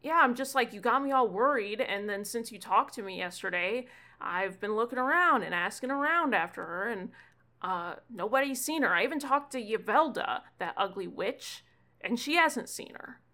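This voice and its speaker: Nervous pushy youth, voiced by a woman, high and sharp, climbs to loud outbursts. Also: lively intonation, moderate pace. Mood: worried. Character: young man Gunther, nervous and pushy.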